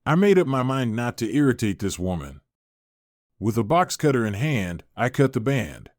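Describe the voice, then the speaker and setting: A man's voice: medium pitch, sing-song, moderate pace, a little mellow, no echo, clean studio sound. A man narrating a scripted first-person story with dramatic storytelling.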